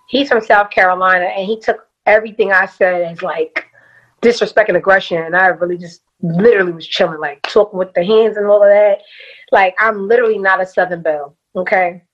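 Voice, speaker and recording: A woman with a Brooklyn accent, a podcast guest telling stories in blunt, animated casual chat. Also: medium pitch, a little fast, highs cut off. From Brooklyn, New York.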